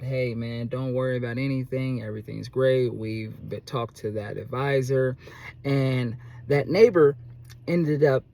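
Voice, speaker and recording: A man who runs a small business, telling a story to camera in an animated, chatty way and often checking in with "okay?". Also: medium pitch. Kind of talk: casual storytelling vlog.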